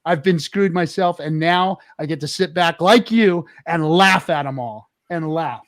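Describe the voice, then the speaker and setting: A man's voice: on the high side, a little slow. Fired-up, cursing male host. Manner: excitable, profane, fired up. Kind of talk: casual livestream chat.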